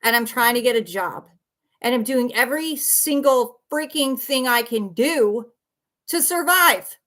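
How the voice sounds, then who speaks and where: A woman's voice: a little high, a little slow, a bit bright. Blunt, exhausted woman ranting on a livestream. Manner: defensive, blunt, swears, repeats herself. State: worn out. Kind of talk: heated livestream rant.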